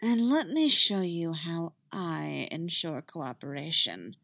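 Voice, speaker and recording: A woman voicing a cold, menacing female dark warrior, speaking slowly, low and quietly. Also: expressive, gravelly, no echo, studio quality, full character voice. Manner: slow, low, quiet and threatening.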